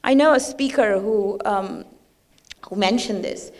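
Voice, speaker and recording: A woman's voice: mid-range voice, unhurried. A woman speaking at a religious gathering, talking informally and often putting questions to the audience. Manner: conversational, asks the audience questions.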